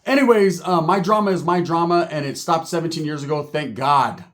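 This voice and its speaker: A man telling a comic story from his own life, swearing freely and checking in with his listeners after nearly every line. His voice sits a little higher than most men's. He talks in a loose, streetwise way. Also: a little fast, a bit bright. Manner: profane, streetwise, keeps asking "right?".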